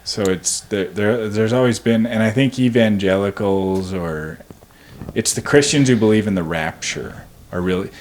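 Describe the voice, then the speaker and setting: A man's voice: lowish voice, moderate pace, a little mellow, slight background noise. A male podcast co-host, laid-back and agreeable, who chimes in with many short affirmations. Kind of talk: casual chat.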